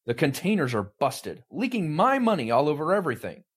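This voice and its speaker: A man voicing a furious, blustering boss who snaps and shouts his lines. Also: on the high side, huge pitch swings, brisk, breathy edge, voice pushed up, full character voice. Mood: barking. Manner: shouting, snapping. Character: furious, blustering middle-aged male boss.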